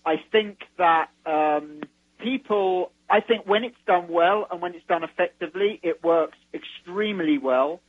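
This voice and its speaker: A man, a guest author, explaining his views on marketing in an interview, restarting his sentences as he goes. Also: high-pitched. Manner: measured, explanatory, repeats words as he starts. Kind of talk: interview over the phone. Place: London. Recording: tinny phone line.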